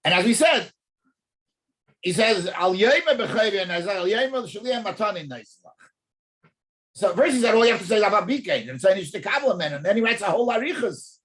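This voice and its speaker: A man teaching an in-depth Talmud class, animated, often repeating words as he thinks and asking rhetorical questions. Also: high-pitched, a little fast.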